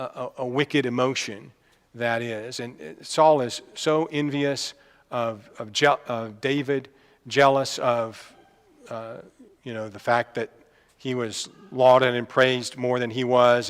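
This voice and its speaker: A man preaching a sermon in a casual, conversational way, pausing with fillers and asides. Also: mid-range voice, fairly bright tone. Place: church hall. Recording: long reverb of a church hall.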